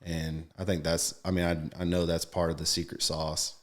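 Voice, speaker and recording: A man hosting a podcast, chatting casually and teasing his guest with quick interjections and laughs. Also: low voice, level tone. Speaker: podcast host.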